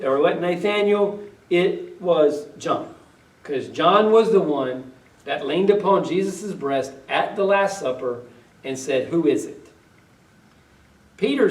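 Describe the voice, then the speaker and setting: A male pastor preaching a conversational sermon, reading old-style scripture aloud and then retelling it in everyday words while asking the congregation questions. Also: on the high side. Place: church sanctuary. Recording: echoey room, voice from a distance.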